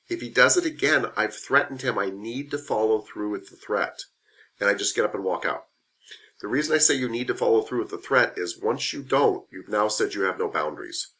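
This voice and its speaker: A man's voice: mid-range voice, fairly quick, pushed and bright. A man teaching a massage therapy class in a classroom, speaking frankly and conversationally and repeating his key points. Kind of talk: classroom lecture.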